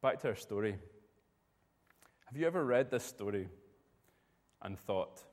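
A man's voice: lowish voice, animated, measured pace, a little mellow, long reverb tail. A man preaching a sermon, telling a personal story in a conversational way.

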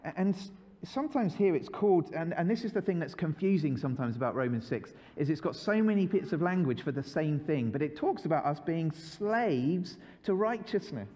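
Preacher with hall reverb. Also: male voice, high-pitched, normal speed. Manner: lively, repeats phrases for listeners to join in. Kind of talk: children's sermon to a congregation. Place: church hall with long reverb.

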